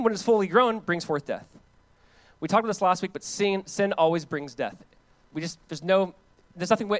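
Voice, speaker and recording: A man, a pastor preaching a conversational, animated sermon that swings between loud emphasis and quiet, hushed lines. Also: high voice, no room sound.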